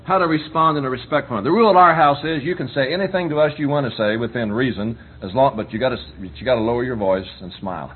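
A man's voice: medium pitch, quick pace. Folksy middle-aged guy preaching, keeps checking you get it, tinny phone sound w/ faint hum. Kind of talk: conversational sermon on parenting.

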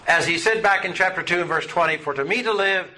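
A man leads a Bible study in a noisy room, patiently quizzing his students in a folksy manner. His voice is fairly high, quick, bright and forceful.

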